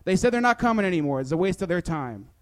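A young man with a high voice, doing stand-up and then chatting. His talk is playful and jokey, full of fillers and restarts. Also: big pitch swings, fast talker. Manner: playful, hesitant with many fillers. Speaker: stand-up comedian. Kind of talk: comedy bit then casual interview chat.

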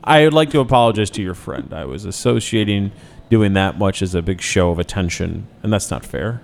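A man hosting a casual interview, teasing his guest with quick, pointed questions. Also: on the low side, lively intonation, creaky. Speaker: podcast host.

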